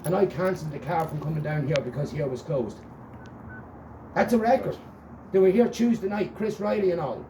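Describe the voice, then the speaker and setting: A man's voice: fairly high pitch, lively intonation, fairly quick, roomy sound, noisy background. A man with an Irish accent, making an agitated, insistent complaint and repeating his demands. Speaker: complainant at a police station. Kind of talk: heated confrontation, filmed.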